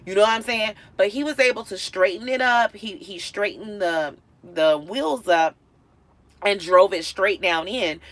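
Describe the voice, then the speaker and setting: A woman vlogger telling a story casually to her viewers, animated and acting out what people said. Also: mid-range voice. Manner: animated, acts out quotes with big swings in loudness.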